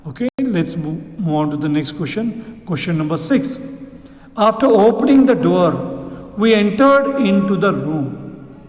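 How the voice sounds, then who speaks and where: High-voiced man teaching English, echoey room. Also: expressive, darkish tone. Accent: Indian English. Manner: explains slowly, repeats sentences, asks rhetorical questions. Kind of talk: exam question walkthrough. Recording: echoey room with long reverb.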